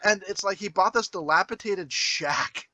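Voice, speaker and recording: Bright, high, teasing man. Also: normal speed, no echo. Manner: teasing, laughing. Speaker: podcast co-host. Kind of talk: casual podcast chat.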